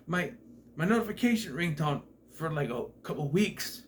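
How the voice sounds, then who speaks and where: A man's voice: fairly high pitch, animated, normal speed, a bit bright, slight background noise. A man giving a casual movie review in a sarcastic, profane, exasperated way.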